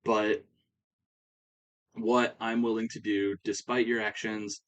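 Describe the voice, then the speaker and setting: A man voicing a stern female wrestling official, talking in a businesslike, measured way. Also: fairly low pitch, little pitch movement, fairly bright tone.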